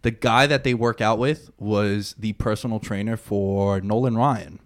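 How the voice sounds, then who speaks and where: A man's voice: on the low side, fairly even intonation, measured pace. A man, chatting about sports trivia in a casual podcast conversation.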